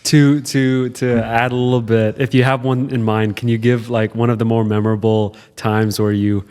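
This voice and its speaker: A man with a middling voice co-hosts the chat, tossing in fast questions and wisecracks. He sounds a little distant, with a long reverb behind his words. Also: mid-range voice, flat delivery, darkish tone, clear, resonant tone. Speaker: podcast co-host. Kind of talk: casual chat.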